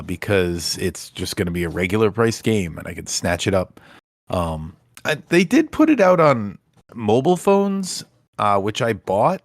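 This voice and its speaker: A man co-hosting a casual podcast, talking in a relaxed, rambling, self-deprecating way. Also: fairly low pitch, no echo, clean studio sound. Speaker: podcast co-host. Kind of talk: casual chat.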